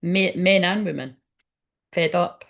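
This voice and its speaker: On a livestream, an adult Scottish woman who has been online ten years does a casual tarot reading, chatting bluntly, swearing and using lots of fillers. Her voice is lowish and creaky yet fairly bright in tone. She takes it slowly.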